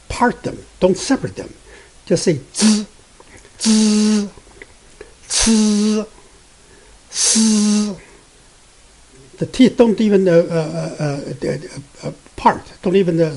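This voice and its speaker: A man whose first language is Mandarin Chinese, teaching Mandarin pronunciation patiently, repeating each sound many times with frequent pauses. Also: sits high, mellow, breathy edge, rough recording. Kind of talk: pronunciation lesson.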